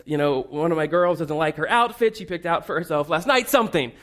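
A man's voice: fairly high pitch, fairly quick, fairly bright tone. A man preaching a sermon as a pastor, telling funny family stories in a conversational, self-deprecating way.

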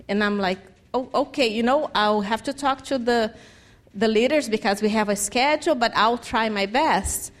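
A woman's voice: fairly high pitch, normal speed. A woman from Brazil, sharing a personal testimony about a mission trip and acting out the dialogue she recounts. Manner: animated storytelling, acts out quoted dialogue, non-native phrasing. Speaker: church mission trip member.

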